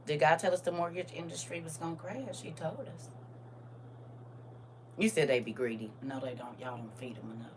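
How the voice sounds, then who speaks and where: An older woman, hosting a casual live chat, laughing and swinging between soft asides and loud high bursts. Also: moderate pace, recorded from a distance, slight background noise. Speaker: host reading viewer comments.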